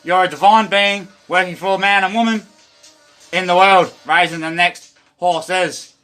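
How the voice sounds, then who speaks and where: Australian man, livestreamer; rambling and profane, higher tense voice. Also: fairly even intonation, measured pace, sharp tone, soft background music. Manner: rambling, profane, stream-of-consciousness. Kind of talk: rambling monologue.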